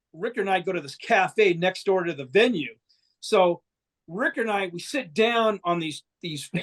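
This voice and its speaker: A man, a guest musician, telling a long anecdote in a casual, profane, rambling way with frequent restarts. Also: high voice. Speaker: band member guest. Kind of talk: casual storytelling.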